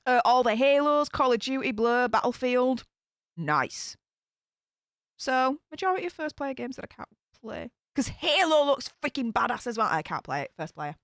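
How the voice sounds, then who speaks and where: A woman's voice: sits high, very animated, normal speed, fairly bright tone, dry recording, studio quality. A woman with a Yorkshire accent chatting casually with her live-stream viewers, rambling with lots of fillers and restarts. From Northern England. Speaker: YouTube commentator reading live chat.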